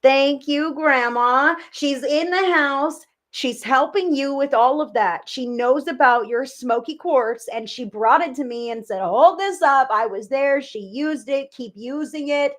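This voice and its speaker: A woman hosting a live psychic reading stream, talking to her viewers with gushing affection. Her voice sits a little high, and she rambles warmly from one name to the next. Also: unhurried, few pauses.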